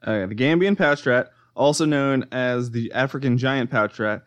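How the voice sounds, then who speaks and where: A man co-hosting a casual podcast, reading out his research notes with plenty of fillers and a deadpan delivery. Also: mid-range voice, moderate pace, clear, resonant tone, no echo. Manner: reads notes aloud with fillers and restarts, deadpan. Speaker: podcast co-host presenting research. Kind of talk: casual chat.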